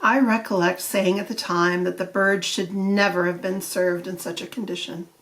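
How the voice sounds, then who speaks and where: A woman voicing an elderly male bishop, gruff and sentimental, in clipped old-fashioned speech. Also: on the low side, steady tone, moderate pace, distant mic, natural voice, low-quality recording. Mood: reminiscing.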